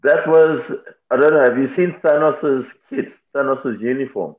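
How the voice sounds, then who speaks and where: Speaking in a mid-range voice at a moderate pace, a male MMA fighter is interviewed as a guest in casual conversation. He's candid and reflective and laughs easily, all heard through a tinny line resembling a phone.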